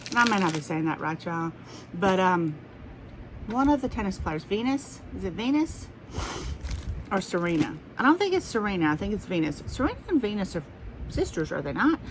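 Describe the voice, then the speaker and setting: A woman's voice: medium pitch, background noise. A middle-aged woman with a Southern US accent, chatting casually and rambling through a haul video for her viewers. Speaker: haul vlogger.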